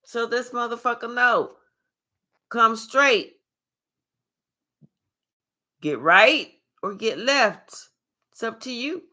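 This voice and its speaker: A woman's voice: on the high side, takes it slowly, long pauses. Sassy, cussing woman reading tarot. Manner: sassy, profane, animated street talk; chatty with live viewers. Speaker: tarot reader. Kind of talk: live tarot reading chat.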